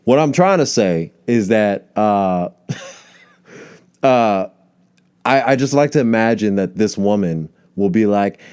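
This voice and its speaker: A man's voice: lowish voice, expressive, slow pace, long pauses, darkish tone, clean tone. A male comedian hosting a solo podcast, rambling from tangent to tangent and swearing casually.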